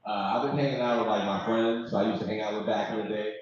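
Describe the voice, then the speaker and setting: A man's voice: on the low side, steady tone, quick pace, far from the mic, slight background noise. A man doing a stand-up set at an open mic, rambling and casual. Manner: casual, rambling, filler-heavy. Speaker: comedian. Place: comedy club open mic. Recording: echoey room from afar, dull lo-fi.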